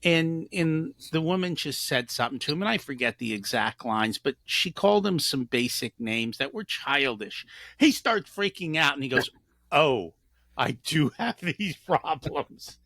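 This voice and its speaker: A man's voice: fairly high pitch, expressive, moderate pace, bright, forceful tone, dry recording. A man hosting a podcast, chatting casually with his guest and repeating words as he thinks aloud. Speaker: podcast host. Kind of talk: casual interview chat.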